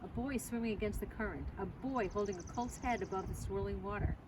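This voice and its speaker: A woman's voice: medium pitch, a little fast. Woman reading a novel aloud outdoors. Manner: expressive, animated reading. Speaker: reader. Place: outdoors at a barn. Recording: distant mic, loud outdoor noise. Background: outdoor noise and passing vehicles.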